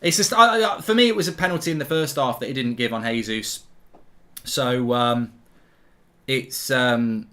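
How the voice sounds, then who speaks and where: A middle-aged man hosting a live football watchalong, ranting excitably and repeating himself as the match unfolds. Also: mid-range voice, normal speed.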